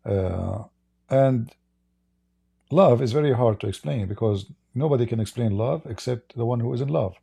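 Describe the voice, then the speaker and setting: A man's voice: mid-range voice, moderate pace, creaky, warm tone, husky. A man with an Arabic accent hosting live-stream debate commentary, emphatic and full of rhetorical questions to his audience. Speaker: Christian apologist host.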